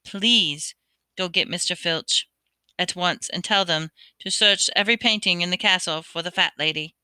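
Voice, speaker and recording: Woman reading as a calm old headmaster, measured, bright smooth voice. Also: on the low side, no echo.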